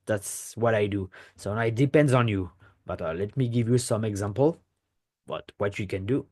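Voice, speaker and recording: A man's voice: fairly low pitch, normal speed, darkish tone. Man, French accent, native French speaker, language teacher, patient step-by-step explanations, frequent check-ins. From France. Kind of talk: pronunciation lesson to camera.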